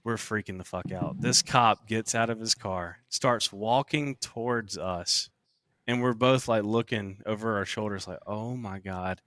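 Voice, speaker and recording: A young man on a podcast telling a story in a casual, animated and profane way, acting out what people said. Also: fairly low pitch, unhurried, no room sound. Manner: animated, profane, acts out quotes. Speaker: podcast co-host.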